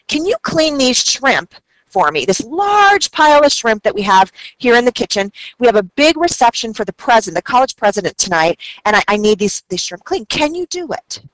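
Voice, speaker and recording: A woman quoting a hurried, bossy woman manager who sounds rushed and impatient. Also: on the high side, sing-song, a bit bright, dry recording, low-quality recording.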